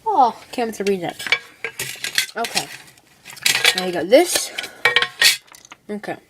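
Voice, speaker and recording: A teenage girl talks her way through a hands-on build in a loose, rambling way, tossing in "like" and "okay" as she goes. Her voice sits at an ordinary middle pitch. The home recording carries clear background noise. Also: very animated, slow pace. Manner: rambling, chatty, full of "like" and "okay". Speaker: hobbyist showing a build. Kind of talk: casual how-to demonstration. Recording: noisy home video recording.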